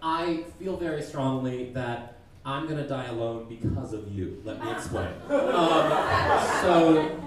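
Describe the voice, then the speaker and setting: A man doing a stand-up roast while sick, rambling and halting in a self-deprecating way on a comedy club stage. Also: medium pitch. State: sick, congested. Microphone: stage mic at a distance. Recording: echoey stage from far off, crowd laughter.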